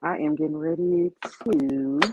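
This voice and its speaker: A woman's voice: deep voice, steady tone, a little slow, heavy background noise. Chatty Southern woman livestreaming crafts. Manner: chatty, thanks viewers as she works. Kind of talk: casual live-stream chat. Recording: dull, dry, lo-fi stream audio.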